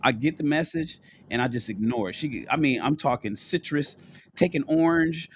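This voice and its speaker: A man's voice: fairly high pitch, normal speed, slight background noise. A man who is sick and lying down, talking bluntly and profanely as a panelist in a casual chat, with many restarts and a cough. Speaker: panelist on a live call-in show. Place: at home in bed.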